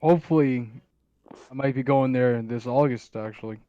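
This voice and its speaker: A man on a casual talk show panel, telling a story in an excited, rambling way. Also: mid-range voice, moderate pace, no room sound, lo-fi sound. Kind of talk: casual chat.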